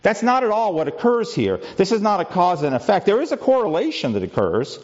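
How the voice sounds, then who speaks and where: A man's voice: high-pitched, sing-song, fairly quick, darkish tone, lo-fi sound. Man preaching a conversational sermon. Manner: conversational teaching with rhetorical questions; frequent restarts and filler words. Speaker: pastor.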